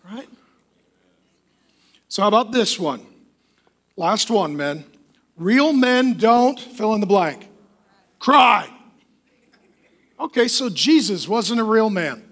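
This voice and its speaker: A man preaching a sermon as a pastor, emphatic and lively, often acting out the voices of the people he quotes. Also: sits high.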